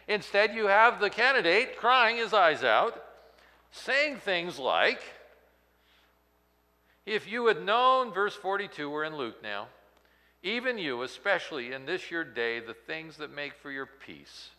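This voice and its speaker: A man preaching a sermon, swinging from loud outbursts to hushed, near-whispered lines. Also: fairly high pitch, sing-song, measured pace, in a large hall. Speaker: pastor.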